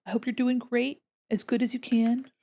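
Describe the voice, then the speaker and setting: A woman's voice: a little high, little pitch movement, moderate pace, gravelly, dark tone. A young woman chatting casually to her livestream chat while she draws, giggling often and reading out viewer messages. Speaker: streamer.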